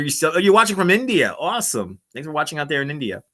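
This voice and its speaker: Fast and lively in intonation, this man's fairly high voice sounds pushed and bright. He's streaming from home, playfully reading comments aloud and laughing a lot, with a wireless clip-on mic.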